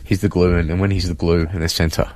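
Male guest, deep voice, earnest and halting, dry studio mic. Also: little pitch movement, darkish tone, no echo. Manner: earnest, halting, many fillers. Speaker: interview guest. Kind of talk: emotional faith testimony.

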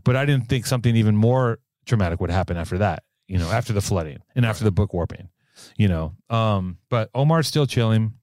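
A man's voice: fairly low pitch, fairly quick, no echo, studio quality. Rambling, profane man on a podcast. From California. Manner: rambling, profane, animated riffing. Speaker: podcast co-host. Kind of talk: casual podcast banter.

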